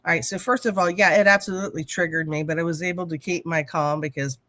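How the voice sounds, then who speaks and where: A woman co-hosting a casual talk show and telling a story in a blunt, animated way, swearing freely. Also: on the low side, fast. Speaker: talk show co-host, hypnotherapist.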